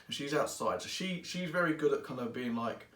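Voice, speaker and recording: A man reviewing a book in casual, rambling speech, excitable and quick to act out the characters. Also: mid-range voice, distant mic. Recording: echoey room, voice away from mic.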